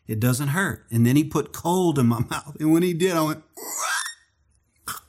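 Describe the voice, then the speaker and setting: A man preaching a sermon as pastor, telling stories and acting out the dialogue in a higher voice. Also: normal speed. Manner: animated storytelling, acts out dialogue in a higher voice.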